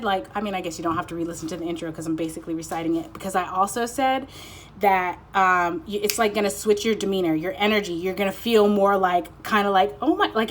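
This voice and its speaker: A woman talks through a casual pick-a-card tarot reading with a middle-range voice. She rambles, gets excited and giddy, and swears freely as she goes. It sounds like chatty, unscripted talk. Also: medium pitch, slight background noise.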